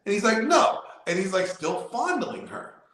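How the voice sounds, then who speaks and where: A man's slightly high voice rings through a very echoey room. He is a guest in a casual chat, rambling through a long anecdote with fillers. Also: sing-song, moderate pace, fairly bright tone. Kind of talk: casual storytelling.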